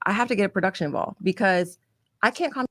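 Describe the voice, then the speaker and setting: A woman being interviewed, quickly and earnestly retelling what happened to her. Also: medium pitch, no room sound, studio quality. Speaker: interview guest. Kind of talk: recounting in an interview clip.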